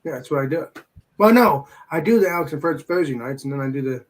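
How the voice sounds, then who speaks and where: A man's voice: a little high, lively intonation, fast talker, rough recording. Meandering man chatting on a stream. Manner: meandering, repeats himself with many fillers. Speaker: guest streamer. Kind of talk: casual livestream chat.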